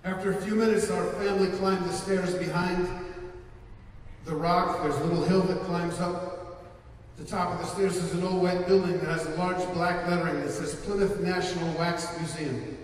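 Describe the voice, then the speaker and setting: A man's voice: high voice, fairly even intonation, distant mic. Man preaching in an echoey hall. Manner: earnest storytelling, slows for emphasis. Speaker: pastor. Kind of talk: sermon with personal testimony. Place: large hall before a live audience.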